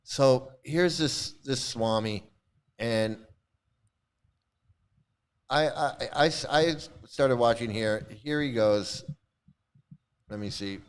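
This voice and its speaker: A man hosting a casual video commentary, talking in an animated, repetitive, indignant way. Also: mid-range voice, takes it slowly, long pauses, clean tone. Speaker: host.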